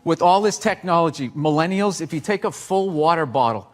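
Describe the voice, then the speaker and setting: A man's voice: a little high, expressive, fairly quick. A man who is a guest on a talk show, joking bluntly and cursing as he answers questions. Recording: studio audience, noisy broadcast.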